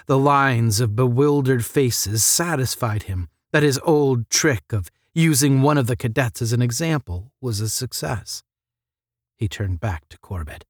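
Slow, expressive male storybook reader. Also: mid-range voice, no echo, studio quality. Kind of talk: audiobook narration.

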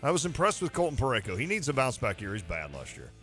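A man's voice: mid-range voice, wildly swooping pitch, fast talker, a bit bright, soft background music. A man co-hosting a show in casual banter, teasing his co-hosts and laughing often. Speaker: radio show co-host.

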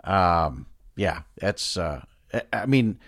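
A man's voice: deep voice, animated, slow pace, a bit bright, no room sound, studio quality. A male podcast host asking a guest curious follow-up questions in a casual interview.

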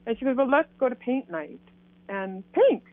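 A woman's voice: on the high side, normal speed, dry recording. Woman telling her story over a phone line. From Canada. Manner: animated, acts out quoted dialogue. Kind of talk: casual storytelling. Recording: tinny phone line, dry.

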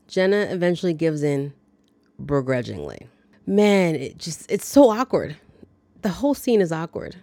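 Low-voiced woman recapping a movie, wry. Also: sing-song, moderate pace, mellow, no room sound. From lives in the American South. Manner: chatty, wry, dryly joking. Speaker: podcast host.

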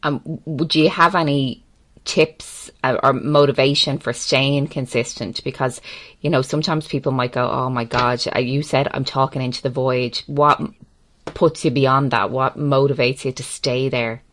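Lady interviewer, really deep voice, encouraging, asks open questions. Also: fairly even intonation, normal speed, fairly bright tone, a little hiss or hum. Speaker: interviewer host. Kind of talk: casual interview chat.

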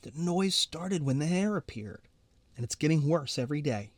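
A man's voice: fairly high pitch, lively intonation, normal speed, no echo, pitched above the performer's own voice. A man voicing an anxious, brooding teenage boy in a storybook reading, speaking urgently and pleadingly.

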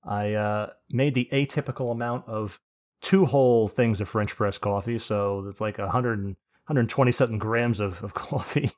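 A man's voice: fairly low pitch, steady tone, moderate pace, a little mellow. A man hosting a podcast in casual chat, telling rambling stories with swearing and laughs. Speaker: podcast host.

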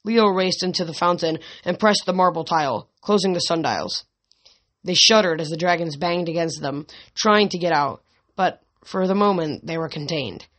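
A narrator reads a fantasy novel aloud in an amateur audiobook style. The reading moves along at an even pitch, with occasional slips that get corrected mid-sentence. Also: normal speed.

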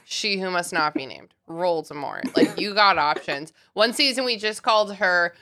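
Bright-voiced, giggly woman co-host. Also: medium pitch, lively intonation, normal speed. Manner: giggly, jokey, irreverent. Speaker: podcast co-host. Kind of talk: casual chat.

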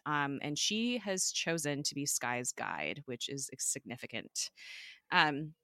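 A woman hosting a podcast, recapping a TV episode in a chatty way, full of fillers and quick giggles. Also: low-pitched, sing-song, sharp tone, dry recording, studio quality.

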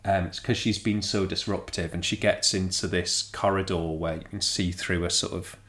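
Young guy, lowish voice, chatting about a book and acting out bits of it. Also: normal speed. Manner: animated storytelling, acts out quotes. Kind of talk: casual book discussion.

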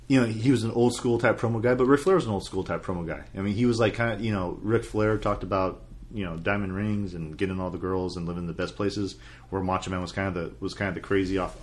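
A man's voice: low voice, fairly even intonation, brisk. A man hosting a casual wrestling podcast, talking in a loose, rambling way. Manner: rambling, many fillers and restarts. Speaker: podcast host. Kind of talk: casual chat.

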